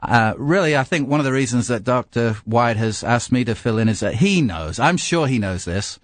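A middle-aged English man preaching, his accent softened by a slight American twang. He talks conversationally, with self-deprecating humor, in a mid-pitched voice. The sound is dry and close, with no room echo. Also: animated, moderate pace. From England. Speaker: pastor. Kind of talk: sermon.

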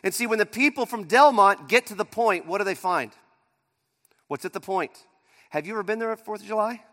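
A man with a high voice preaches a sermon in a church sanctuary. He drives some lines hard and drops others to a near hush. Long reverb hangs behind his words. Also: a little fast. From Pittsburgh area. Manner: dynamic preaching, swings from loud emphasis to near-quiet. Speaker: pastor.

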